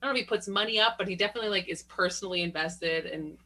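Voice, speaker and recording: A young adult woman co-hosts a casual podcast chat with a bright, forceful tone. She tells animated, profane stories full of quoted voices and laughs often. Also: mid-range voice, rapid-fire. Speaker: podcast co-host.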